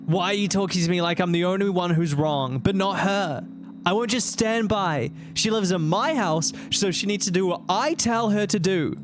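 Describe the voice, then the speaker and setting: A man's voice: high voice, animated, moderate pace, noisy background. A man voicing a controlling middle-aged male shopkeeper and strict father, indignant and defensive.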